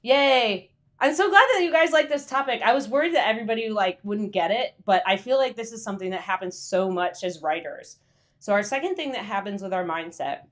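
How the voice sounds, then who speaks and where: A woman hosting a casual live stream for freelance writers, chatty and full of fillers, greeting viewers by name and acting out her inner voice. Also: medium pitch.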